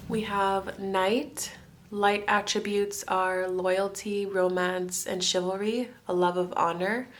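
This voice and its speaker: A woman's voice: mid-range voice, flat delivery, slow pace, slight background noise. A woman from France giving a pick-a-card tarot reading, chatty and musing, often thinking aloud with fillers and restarts. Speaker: tarot reader.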